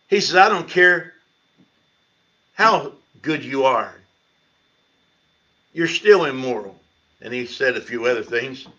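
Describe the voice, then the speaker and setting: Middle-aged male pastor, church Bible study testimony, animated storytelling, bright forceful voice, lo-fi livestream sound. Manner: storytelling, animated, rises high when quoting himself.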